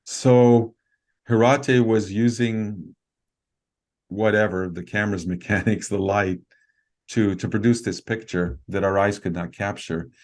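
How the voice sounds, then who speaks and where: A man, a guest on a video call interview, telling a story in an earnest, halting way with many fillers and restarts. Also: on the low side, steady tone, darkish tone.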